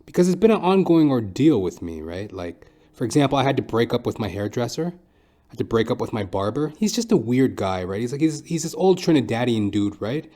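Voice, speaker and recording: A man's voice: medium pitch, brisk. Podcast guy ranting about his barber, swears a lot, voice jumps all over. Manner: profane, animated, rambling. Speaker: podcast host. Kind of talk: comedic storytelling monologue.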